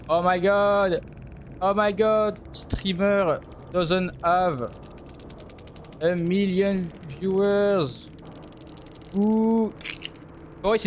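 A man's voice: sits high, slight background noise. A man, streaming a game live and mockingly teasing his opponents.

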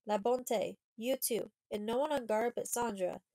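A woman's voice: on the high side, unhurried, dark tone, rough recording. A woman reading the part of a brave fourteen-year-old girl who urgently gives orders. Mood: angry.

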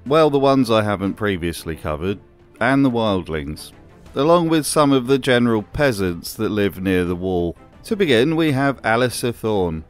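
A man narrating a scripted commentary video with a dry, sardonic manner. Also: mid-range voice.

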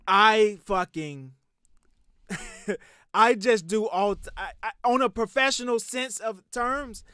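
A man in his thirties on a podcast, telling a personal story in a heated, profane, animated way. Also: sits high, clear, resonant tone, no echo, clean studio sound. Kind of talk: casual storytelling.

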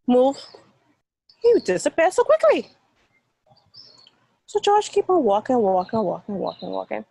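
Bahamian woman teacher, children's storyteller, higher voice, dramatic with sound effects. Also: a little mellow, no room sound, poor audio.

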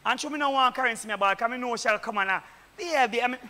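A Jamaican deacon preaches in patois, rising to fervent shouts. His voice sits very high and bright. Long reverb from the church hall trails each line. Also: fast.

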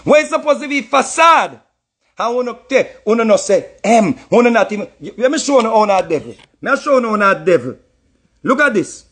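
A man's voice: sits high, sing-song, brisk, fairly bright tone, husky. A man with a Jamaican accent, reacting to clips in heated commentary, repeating himself in an indignant, mocking way. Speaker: reacting artist.

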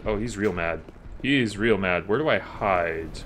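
A man's voice: fairly low pitch, a little slow, fairly bright tone, slight background noise. A man casually commenting on his video game playthrough, joking and talking back to the characters on screen. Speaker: gaming channel host. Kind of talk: let's-play commentary.

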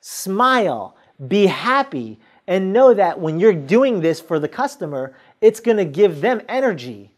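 A man's voice: high voice, big pitch swings, unhurried, few pauses. Emphatic male sales coach. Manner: acts out sales scenes with quoted dialogue; emphatic, coaching directly to the listener. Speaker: sales trainer. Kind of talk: motivational sales training talk.

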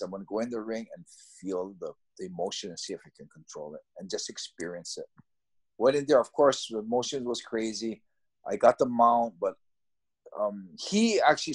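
A middle-aged man from the United States recounts his past in a relaxed, chatty way. His voice is husky and sits at an ordinary pitch. He slips into quoted dialogue, jumping higher as he acts it out. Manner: lively storyteller who acts out quoted dialogue; loose and conversational with fillers. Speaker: podcast guest. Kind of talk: personal storytelling.

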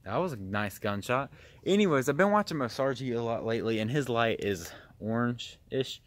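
Exploring a chilly outdoor tunnel for his vlog, a young man rambles, gets out of breath and jumps at noises. He speaks at a medium pitch, animated, at normal speed.

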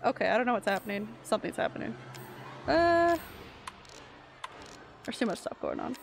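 A woman's voice: on the high side, expressive, normal speed, gravelly, soft background music. Chatty woman streamer, swearing freely. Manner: chatty, swears, frantic bursts. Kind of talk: live gameplay commentary.

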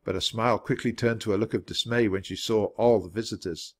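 A man reading a children's chapter book aloud with expressive storytelling. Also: on the low side, brisk. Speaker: storybook reader.

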